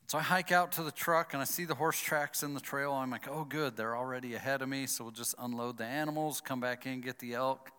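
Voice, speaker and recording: A man's voice: mid-range voice, a little fast, few pauses, smooth. A man telling a personal story with a moral, acting out his own thoughts as he goes. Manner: animated, acts out his own inner thoughts. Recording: long hall reverb.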